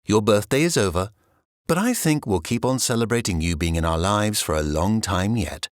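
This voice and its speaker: A man reading a storybook and voicing a gentle, refined mother cat, a little higher than his own voice. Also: animated, moderate pace, no room sound, studio quality, lightly acted. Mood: tender.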